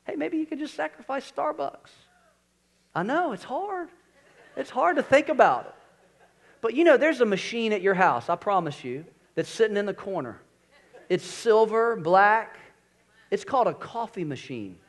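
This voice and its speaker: High-voiced energetic preacher man. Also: normal speed. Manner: energetic, swings from loud emphasis to quiet low asides. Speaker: pastor. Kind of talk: sermon. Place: church sanctuary.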